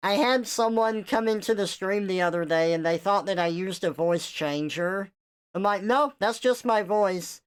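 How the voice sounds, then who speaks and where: A woman with a Southern US accent chatting casually on a live stream, her pronunciation slightly mumbled and soft. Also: on the low side, normal speed, clean tone.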